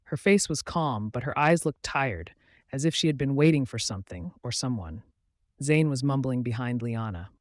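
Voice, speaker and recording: A man tells a scripted story in an expressive, dramatic way. His voice rises and falls lively at a middle pitch. The recording is dry and close. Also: normal speed, no echo. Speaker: narrator.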